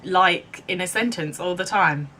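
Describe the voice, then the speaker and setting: Chatty young woman, bright, rambling. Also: lowish voice, a little slow. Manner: chatty, rambling, many ums and likes. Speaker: vlogger. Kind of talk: casual chat to camera.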